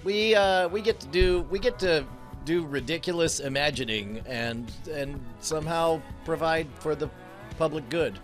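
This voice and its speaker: A man hosting a casual comedy podcast, excitable and teasing, laughing often. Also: on the high side, normal speed, soft background music. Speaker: podcast host.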